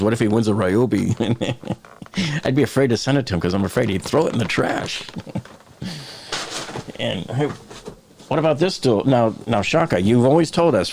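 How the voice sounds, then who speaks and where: A man's voice: medium pitch, a little mellow. A man from the Boston area hosting a live stream, chatting casually, joking and reading viewer comments aloud.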